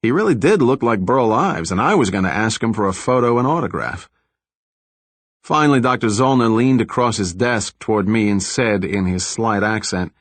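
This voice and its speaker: A man narrating a first-person thriller audiobook in a wry, sardonic, deadpan tone. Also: on the low side, normal speed, no room sound.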